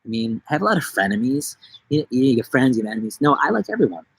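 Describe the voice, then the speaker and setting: A man's voice: medium pitch, big pitch swings, fast, breathy edge. A man from New York hosting a casual live-stream chat outdoors in a busy city, rambling through goofy, jokey tangents into a phone camera. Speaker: livestream host.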